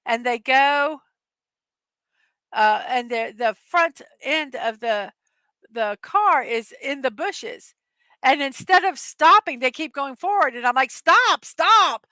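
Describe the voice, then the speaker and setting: A woman's voice: high-pitched, pushed and bright, dry recording. A middle-aged woman hosting a casual morning chat show, telling rambling stories and laughing often. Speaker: host.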